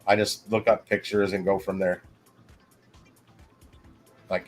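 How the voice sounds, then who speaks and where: A man hosting a casual livestream, rambling along with halting restarts. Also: deep voice, flat delivery, soft background music. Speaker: livestream host.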